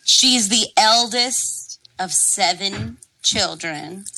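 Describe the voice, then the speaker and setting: A woman co-hosting a casual comedy podcast, speaking in a dry, sarcastic, drawn-out way. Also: medium pitch, bright, forceful tone, a little hiss or hum, rough recording. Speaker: podcast co-host.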